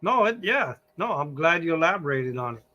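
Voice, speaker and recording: A man's voice: fairly high pitch, big pitch swings, brisk, dull audio, crowd noise. A man hosting a boxing podcast, reading out numbered questions to his guest. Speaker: podcast host. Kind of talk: interview questions.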